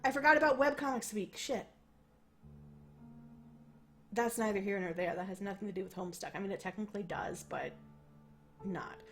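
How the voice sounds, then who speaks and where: A woman's voice: medium pitch, normal speed, pauses often, husky, soft background music. A young woman playing through a visual novel, reading its narration aloud and breaking off into rambling, swear-filled commentary. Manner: animated, swears freely, rambles. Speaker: let's play host.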